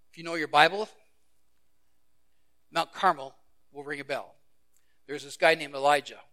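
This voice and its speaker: Bright-voiced male pastor telling a story. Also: a little high. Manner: storytelling, acting out the characters' lines; swings between loud exclamations and hushed, quiet delivery. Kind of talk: sermon.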